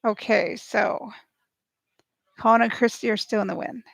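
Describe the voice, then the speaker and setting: A woman giving snarky, excitable live reaction commentary as she watches a show and cheers at the screen. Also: medium pitch, normal speed, creaky, no echo. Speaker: show recap host.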